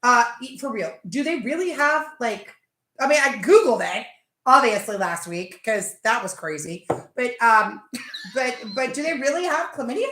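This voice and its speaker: A woman's voice: on the high side, sing-song, normal speed, pushed and bright, reverberant. A woman hosting a casual live chat with viewers, talkative and laughing as she drinks. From Pennsylvania. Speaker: livestream host.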